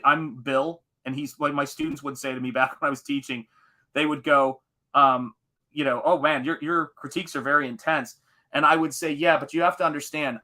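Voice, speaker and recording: A man hosting a live painting stream, chatting in a rambling, animated way as he reads viewer comments and recalls his teaching days. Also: medium pitch. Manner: rambling, animated, quotes movies in put-on voices. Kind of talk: casual chat reading viewer comments.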